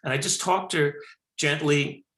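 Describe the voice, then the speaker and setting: An older man tells a story with bright, forceful energy, rambling and restarting as he goes. His voice rings in a roomy studio. He speaks as a director being interviewed. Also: a little high, steady tone, moderate pace. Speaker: film director and actor, guest. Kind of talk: talk show interview.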